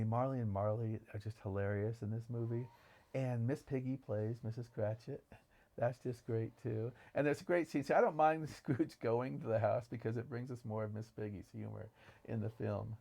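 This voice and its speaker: In a casual film discussion, a podcast co-host tells enthusiastic, meandering stories. His mid-range voice is warm and gravelly.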